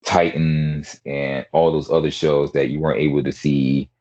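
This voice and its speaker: A man's voice: rumbling low, flat delivery, normal speed, dark tone, lo-fi sound. A man hosting a podcast in casual chat, rambling with lots of fillers and restarts over an online call. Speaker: podcast host.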